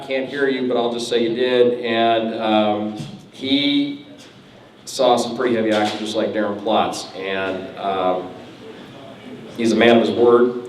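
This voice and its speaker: A man giving a joking, rambling roast speech at a birthday party, teasing his friends. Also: medium pitch. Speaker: roast speaker. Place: party hall with a crowd. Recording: echoey hall, far from the mic, noisy.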